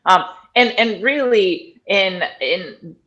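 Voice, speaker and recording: A middle-aged woman telling a story as an interview guest. Her talk is animated, and she acts out other people's lines by jumping up in pitch. Her voice sits in an ordinary middle range. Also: takes it slowly, highs cut off. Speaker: guest, functional medicine director and former doula.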